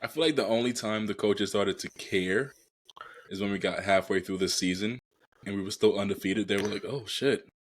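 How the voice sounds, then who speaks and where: A man's voice: on the low side, steady tone, a little fast. A man co-hosting a casual podcast, mostly agreeing with his partner in short replies. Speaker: podcast co-host. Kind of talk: casual chat.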